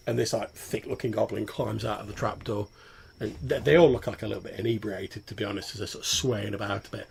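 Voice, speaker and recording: A man runs a tabletop game as game master, narrating casually and swearing freely. His voice is gravelly, set against a faint hum of ambient noise. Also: on the low side, fairly even intonation, quick pace, a little mellow.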